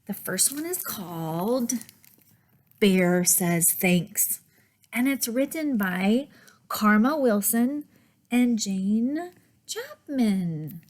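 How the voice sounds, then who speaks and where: Librarian lady reading picture books to kids, super slow, bouncy voice, keeps going all whispery. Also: medium pitch. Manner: gentle, expressive, slipping often into whispers. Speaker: children's librarian. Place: public library.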